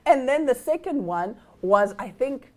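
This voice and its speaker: A woman co-hosting a casual chat, animated and acting out lines with sudden loud exclamations. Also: a little high, a little slow. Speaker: co-host. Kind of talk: casual chat about a TV series.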